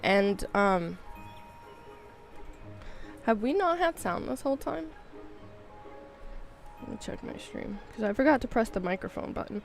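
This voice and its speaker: A woman's voice: mid-range voice, big pitch swings, unhurried, creaky, pauses often, faint music behind. A woman in her thirties streaming a game, talking in a rambling, candid, self-mocking way. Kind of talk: casual chat while gaming.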